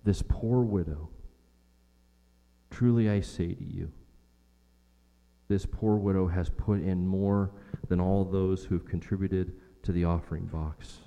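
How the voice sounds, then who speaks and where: A man's voice: sits low, steady tone, unhurried, vocal fry, pauses often, mellow. Male pastor, emphatic repetitive sermon delivery, voice echoing through a large hall. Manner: emphatic preaching with repetition and rhetorical questions.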